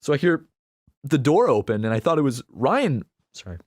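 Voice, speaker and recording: A man's voice: mid-range voice, sing-song, normal speed, darkish tone, no room sound, clean studio sound. A man co-hosting a casual podcast, telling a rambling personal anecdote with plenty of fillers. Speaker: podcast co-host.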